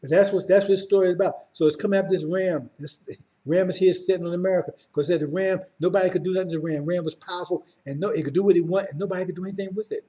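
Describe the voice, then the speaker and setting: A man's voice: high-pitched, steady tone, very fast, mellow. A middle-aged man teaching an informal Bible class in an emphatic way, often asking his listeners "right?" and "see?". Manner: emphatic, keeps checking in with listeners.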